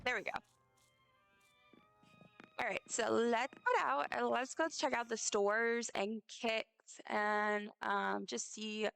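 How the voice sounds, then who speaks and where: Gravelly, hoarse woman streamer. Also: fairly high pitch, steady tone, slow, a bit bright, dry recording, faint music behind. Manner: rambling, chatty, addresses chat directly. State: hoarse, partly lost voice. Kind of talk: casual livestream chat while playing.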